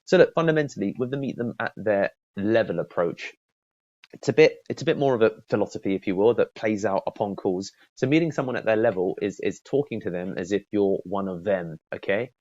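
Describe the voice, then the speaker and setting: A middle-aged man talks through a sales lesson in a loose, chatty way, stumbling over repeated words and restarts. His voice sits low. The recording is dry and a little dull, with no room sound. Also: brisk, a little mellow, no room sound. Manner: chatty, repeats words and restarts often, acts out call examples. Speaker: sales trainer. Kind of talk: casual spoken training talk.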